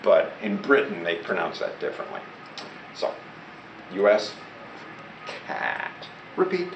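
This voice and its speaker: A man's voice: deep voice, moderate pace, dull audio. A man teaching a class, prompting his students to repeat words and answer his questions. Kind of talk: classroom lesson. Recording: echoey classroom recorded from far off with loud background noise.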